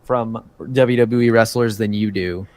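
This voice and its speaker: A man's voice: fairly low pitch, steady tone, unhurried, a little mellow. A man co-hosting a casual podcast chat, teasing and ribbing the others. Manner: teasing, ribbing his co-hosts. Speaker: podcast co-host.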